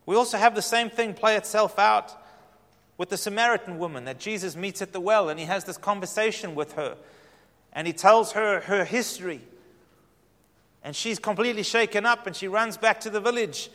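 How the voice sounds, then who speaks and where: High-voiced pastor preaching in a reverberant hall. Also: male voice, normal speed. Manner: earnest, inviting, shifts from hushed to emphatic. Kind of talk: sermon.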